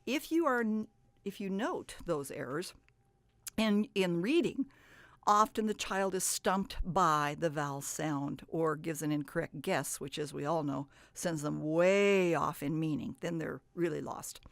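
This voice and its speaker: Woman reading teacher, low voice, dry sound, patient explaining. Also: measured pace, creaky, no echo. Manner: explains patiently, stretches words to model sounds. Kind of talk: instructional talk.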